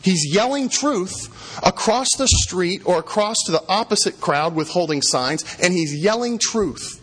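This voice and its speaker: A man's voice: high voice, lively intonation, a little slow, a bit bright, slightly rough. A middle-aged man, a pastor, preaching a sermon, emphatic and repeating key phrases for stress.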